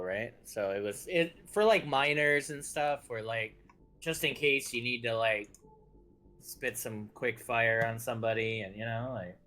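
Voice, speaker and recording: A man's voice: medium pitch, a bit bright. Rambling, joking man gaming with a friend. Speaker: fellow player. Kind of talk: casual gameplay chat.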